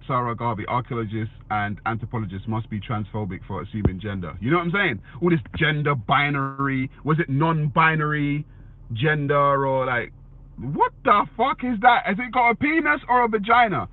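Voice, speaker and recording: A man giving a blunt, casual opinion monologue, swearing and answering viewer comments. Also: a little high. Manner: blunt, swears, repeats "you know what I'm saying". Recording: tinny phone-like dry sound.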